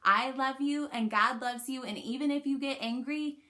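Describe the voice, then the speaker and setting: A woman's voice: sits high, moderate pace, bright, forceful tone. A woman reading a children's picture book aloud, coaxing young listeners to join in with questions and actions. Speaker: children's story reader.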